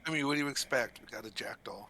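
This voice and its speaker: A man playing a tabletop game, tossing in quick joking asides. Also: mid-range voice, pushed and bright, dry recording. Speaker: player. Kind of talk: casual tabletop chat.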